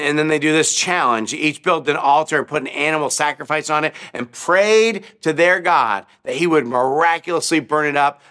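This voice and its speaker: A man with a bright, forceful voice that sits a little high, telling a sermon as a string of quick stories. He keeps asking his listeners questions and leans into key words. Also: smooth. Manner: animated, asks the audience questions, acts out crowd voices. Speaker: preacher. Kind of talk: children's sermon storytelling.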